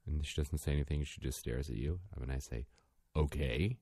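A man in casual chat, a parent of two young children, telling animated stories and acting out the kids' lines. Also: very deep voice, fairly quick, no echo, clean studio sound.

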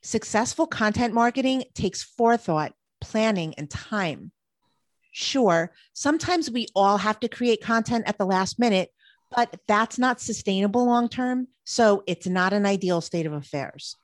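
A woman co-hosting a marketing podcast reads prepared points upbeatly in scripted chat. Her mid-range voice is expressive and unhurried, with no room sound.

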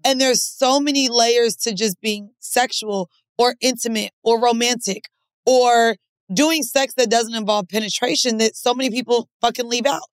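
High-voiced woman co-hosting, teasing. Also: steady tone, normal speed, no room sound. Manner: blunt, playful, teasing. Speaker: podcast co-host. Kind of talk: casual chat.

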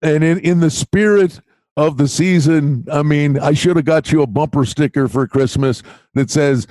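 A man's voice: fairly high pitch, normal speed, a little mellow, dry recording. A man hosting a podcast, chatting casually and making folksy wisecracks. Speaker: podcast host. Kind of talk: casual chat.

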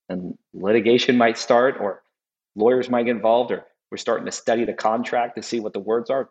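A man, a custom home builder, talks as a podcast guest. His voice sits low and comes through a dull, lo-fi line with a long reverb. He speaks reflectively and stumbles over repeated words. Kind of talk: casual conversational chat.

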